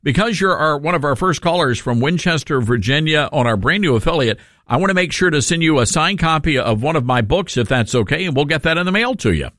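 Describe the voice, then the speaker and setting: A middle-aged man with a Tennessee Southern accent hosting a call-in radio talk show, chatty and upbeat and quick to laugh. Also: on the high side, lively intonation, fairly bright tone, dry recording, studio quality.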